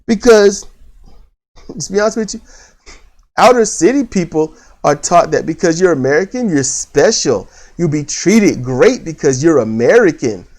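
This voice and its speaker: A man's voice: on the high side, very animated, normal speed, darkish tone. A man giving a casual, rambling movie review, full of restarts and fillers and the odd swear word.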